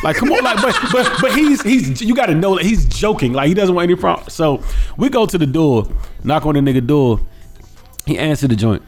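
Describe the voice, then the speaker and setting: A man with a slightly high voice tells a long, lively story on a casual podcast. He keeps jumping into the voices of the people in it. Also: a little fast, soft background music. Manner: animated storyteller, lots of quoted voices. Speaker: podcast co-host.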